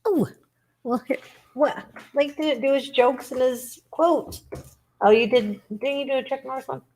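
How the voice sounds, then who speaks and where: A woman's voice: high voice, unhurried, darkish tone. A woman co-hosting a live recovery stream, chatting casually with short encouraging remarks. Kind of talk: casual livestream chat.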